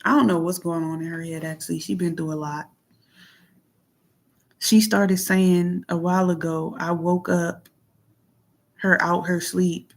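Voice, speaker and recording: A woman vlogger venting in a casual monologue, reading out text messages and commenting on them in a plainspoken, aggrieved way, often clearing her throat. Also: on the low side, steady tone, a little slow, pauses often. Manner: plainspoken, aggrieved, repeats herself.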